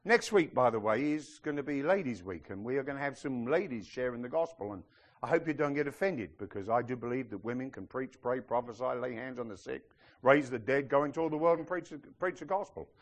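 A man preaching a sermon to his congregation, animated and sometimes shouting as he acts out the people in his stories. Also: medium pitch, a little fast. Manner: animated, acts out quoted voices, some shouting.

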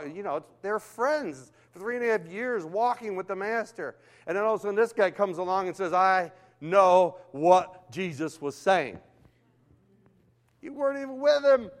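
An older man preaching a sermon, telling stories in a lively way that swings from hushed to loud. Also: fairly high pitch. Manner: animated storytelling, swings between hushed and loud.

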